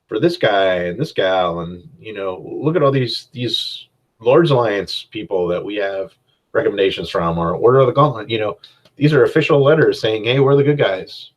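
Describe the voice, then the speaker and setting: A man's voice: fairly low pitch, expressive, normal speed, rough recording. Man doing an eager adventurer pleading. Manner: pleading, insistent. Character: eager adventurer vouching for the party.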